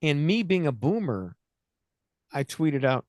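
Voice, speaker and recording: This man in his sixties has a high-leaning, darkish voice and sounds very animated while taking his time. Hosting a comedic political talk radio show on a studio mic with no echo, he rambles, jokes, and self-interrupts.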